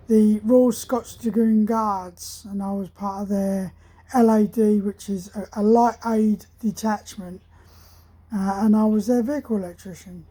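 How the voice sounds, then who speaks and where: Woman, 60s, army veteran, husky mellow voice, rambling casual storyteller. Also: mid-range voice, low-quality recording. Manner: rambling, hesitant, with many ums and restarts. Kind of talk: casual spoken anecdote.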